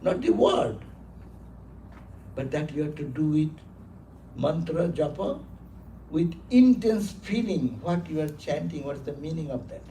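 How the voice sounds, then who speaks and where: A man's voice: fairly high pitch, expressive, measured pace, pauses often, dark tone. A man giving a sermon as a monk, speaking emphatically, repeating words for stress and laughing as he tells stories. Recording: roomy hall, distant mic, faint noise.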